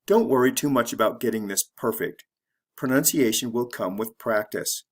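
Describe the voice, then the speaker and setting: A man with an American accent teaching English pronunciation, speaking slowly and repeating each example sentence clearly. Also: medium pitch. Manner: slow, deliberate drilling of example phrases. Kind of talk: slow scripted lesson narration.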